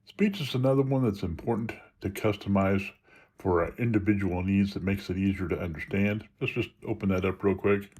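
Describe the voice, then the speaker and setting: A man with a fairly low voice talks through phone settings one step at a time. His delivery is relaxed and conversational, with the odd restart as he explains. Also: a little fast, husky. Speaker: video creator demonstrating phone settings. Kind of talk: casual screen-reader tutorial.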